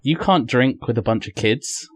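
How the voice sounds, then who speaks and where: A man's voice: medium pitch, lively intonation, normal speed, no echo. Man, podcast guest, crude jokes, dry close sound. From Canada. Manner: joking, crude, swears freely. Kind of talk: casual chat.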